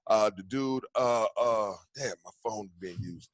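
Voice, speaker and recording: A man's voice: fairly low pitch, unhurried, no room sound. A man hosting a casual podcast, ranting in a heated, profane way with many restarts. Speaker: podcast host.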